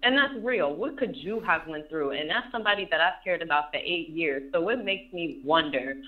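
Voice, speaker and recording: Earnest thirty-year-old woman, low voice. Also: animated, moderate pace, phone-quality sound. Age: about 30. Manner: earnest, repeats her points for emphasis. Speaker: interview guest. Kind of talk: candid emotional interview talk.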